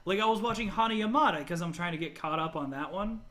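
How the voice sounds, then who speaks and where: Joking, animated man on a podcast. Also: sits high. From United States. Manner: animated and joking, quick to laugh. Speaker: podcast co-host. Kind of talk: casual chat.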